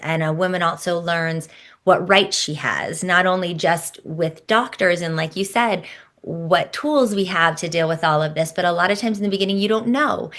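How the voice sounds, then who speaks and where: Enthusiastic lower-voiced woman host. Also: a bit bright. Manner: enthusiastic, reflective. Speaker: podcast host. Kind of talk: casual podcast interview.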